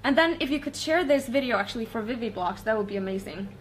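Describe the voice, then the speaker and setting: A woman singer co-hosting a casual livestream, upbeat and encouraging, quick to laugh. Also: fairly high pitch, expressive, a little hiss or hum. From Iceland. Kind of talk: casual chat.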